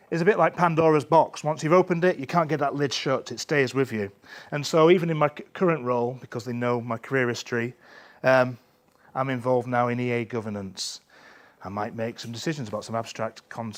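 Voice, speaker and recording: Rambling self-mocking man giving a talk. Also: medium pitch. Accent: Northern English. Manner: rambling, self-deprecating, many fillers. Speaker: conference speaker. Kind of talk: lightning talk.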